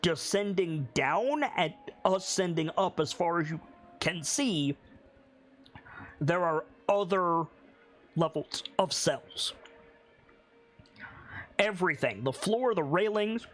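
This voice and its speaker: A man narrating as game master of a tabletop game, building the scene slowly, detail by detail. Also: high-pitched, expressive, fairly bright tone. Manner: slow, descriptive, builds scenes piece by piece.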